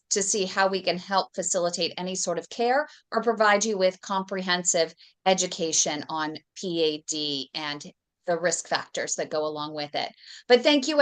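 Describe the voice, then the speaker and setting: Woman host giving clear health advice. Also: mid-range voice, fairly bright tone. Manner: clear, instructive, spells things out. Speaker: host of health advocacy show. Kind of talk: host interview and public health message.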